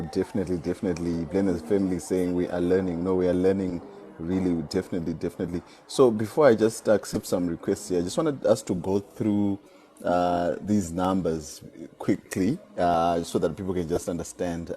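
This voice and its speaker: A man hosting a live podcast interview, relaxed and encouraging, thanking viewers. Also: deep voice, fairly quick, slight background noise. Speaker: podcast host. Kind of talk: casual live-stream interview.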